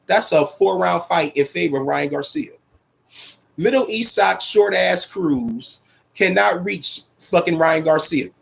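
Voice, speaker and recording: A man's voice: high-pitched, vocal fry, fairly bright tone. A man hosting a boxing talk show, giving profane, emphatic commentary and repeating his points. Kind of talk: casual boxing commentary rant.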